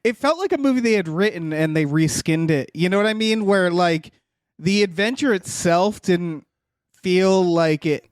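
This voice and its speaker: A male podcast host with a notably high voice circles his points, restarting phrases as he goes. The sound is dry and close to the mic. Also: smooth, dry recording. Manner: halting, restarts often, loosely rambling. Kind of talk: casual podcast chat.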